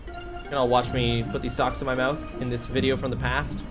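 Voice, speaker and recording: A man's voice: mid-range voice, level tone, fairly quick. A young man live-streaming a game, bantering with chat, joking and swearing as he rambles. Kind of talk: casual live-stream chat while gaming. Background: game music.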